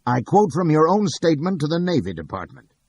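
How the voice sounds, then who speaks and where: A man voicing a loud, hectoring male prosecutor in a courtroom scene of an audiobook, with a husky voice. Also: a little high, very animated, brisk, dry recording, pitched above the performer's own voice, exaggerated voice. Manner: bawling, hectoring.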